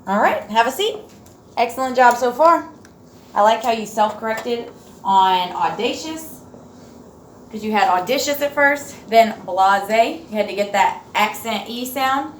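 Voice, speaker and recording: A woman teacher running a reading lesson, encouraging and sounding words out slowly. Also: on the high side, animated, slight background noise. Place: classroom. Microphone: far camera. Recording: echoey room from far off.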